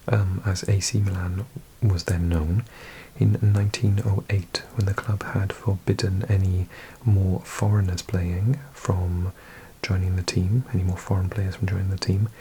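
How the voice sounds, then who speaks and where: A man with a Welsh accent, hosting an ASMR video and reading aloud in a slow, hushed mix of whisper and soft speech. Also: sits low, level tone, slight background noise, poor audio. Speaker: ASMR host.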